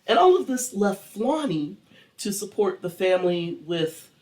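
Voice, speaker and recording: A woman's voice: mid-range voice, sing-song, a little slow, a little mellow, rough recording. A woman co-hosting a true crime podcast, telling the story in casual chat, swearing now and then and slipping into a Southern drawl.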